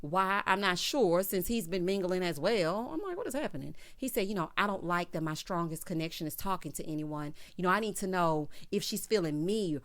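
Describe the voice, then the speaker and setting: A woman hosting a reality show recap, with sassy commentary and quick quips. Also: fairly low pitch. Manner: sassy, animated, quips and mimics people. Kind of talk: casual commentary.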